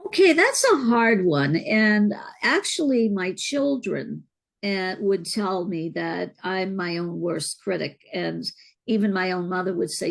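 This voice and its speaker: A middle-aged woman appears as an interview guest, earnestly and reflectively recounting a personal spiritual experience as an unhurried storyteller. Her voice is on the low side, animated and creaky.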